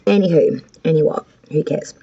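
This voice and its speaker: Gravelly Australian woman reading tarot. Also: sits low, moderate pace, dark tone, lo-fi sound. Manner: chatty, rambling, swears freely. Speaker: tarot reader and channel host. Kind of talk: casual tarot reading vlog. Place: cold house with power out.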